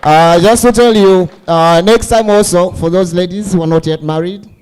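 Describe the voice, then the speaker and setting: Man as emcee, mellow tone, joking with the audience. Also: sits high, normal speed, clean tone, low-quality recording. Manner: playful, teasing, asks the crowd questions. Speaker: master of ceremonies.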